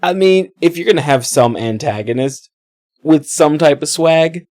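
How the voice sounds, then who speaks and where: A man co-hosting a podcast, reacting with quick comments, laughs and the odd swear. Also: a little high, lively intonation, a little mellow, dry recording, clean studio sound. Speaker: podcast co-host. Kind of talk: casual podcast chat.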